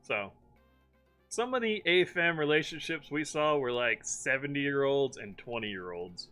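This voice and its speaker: A man's voice: medium pitch, expressive, measured pace, pushed and bright, faint music behind. A young man from Maryland chatting casually on a live stream, laughing often and slipping into playful impressions as he tells stories. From Maryland, USA. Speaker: streamer host. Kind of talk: casual chat.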